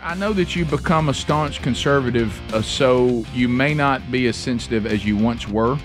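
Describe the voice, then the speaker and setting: A man's voice: medium pitch, moderate pace, over music. A middle-aged man, hosting a comedic talk radio show and telling rambling stories with lots of restarts.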